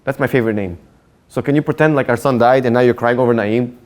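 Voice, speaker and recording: A man's voice: mid-range voice, quick pace, darkish tone, natural voice. A man voicing a clever woman who sweet-talks a burglar, in a storytelling sermon. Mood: coaxing. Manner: sweet-talking, coaxing.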